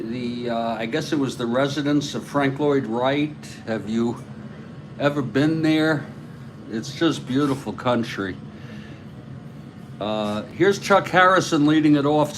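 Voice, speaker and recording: A man from New York with a New York accent, calling a tabletop baseball replay in a slow, rambling way and chatting with viewers between plays. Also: mid-range voice, background noise. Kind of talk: play-by-play of a board game with chat.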